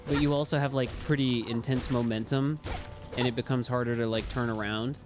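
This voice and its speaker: A young man streaming a game live, chatting casually, rambling between topics and yelling and swearing at the enemies. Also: mid-range voice, fairly even intonation, a little fast. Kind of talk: casual live gameplay commentary. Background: game music.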